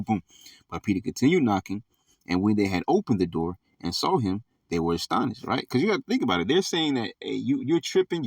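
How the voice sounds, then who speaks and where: Low-voiced man leading a casual Bible study. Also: no room sound, clean studio sound, distant mic. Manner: conversational, full of fillers like "all right" and "you know". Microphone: audio only, not seen.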